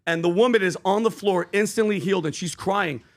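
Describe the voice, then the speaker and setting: A man's voice: high-pitched, a little fast. A man co-hosting a podcast panel in casual chat, retelling scripture with fervent, preachy emphasis. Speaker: podcast co-host.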